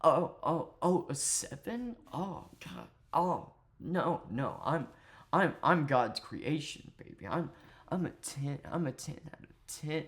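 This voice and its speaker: A man doing a vain streamer who fishes for praise in a breathy, mock-seductive drawl, pitched above his own voice and trailing off quietly. It is a parody of someone full of himself. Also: expressive, slow pace. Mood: smug.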